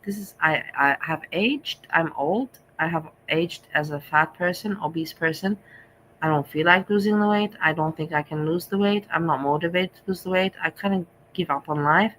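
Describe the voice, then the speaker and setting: A woman's voice: on the low side, bright, forceful tone, a little hiss or hum, low-quality recording. A middle-aged woman hosting a vlog, talking candidly in a rambling, repetitive way. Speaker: vlog host. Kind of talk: candid casual chat.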